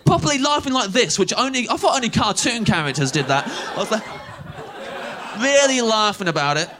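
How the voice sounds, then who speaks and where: A man's voice: high voice, fast talker, noisy background. A young man from England with an English accent, telling a long self-mocking story on stage as a stand-up comedian. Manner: animated, self-mocking, laughing through lines.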